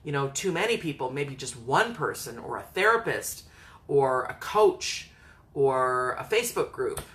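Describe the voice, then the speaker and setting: A woman's voice: very deep voice, expressive, a little slow. A woman psychotherapist and coach giving an earnest, encouraging talk, sometimes acting out the voices she quotes. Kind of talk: motivational talk to camera.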